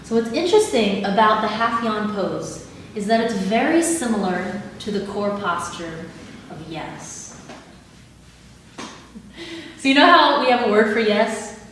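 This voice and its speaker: A woman leading a live audience through body exercises in a calm, instructive way, laughing easily. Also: medium pitch, a little slow, long pauses. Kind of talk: live talk with guided exercises. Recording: echoey hall, mic at a distance, audible background noise.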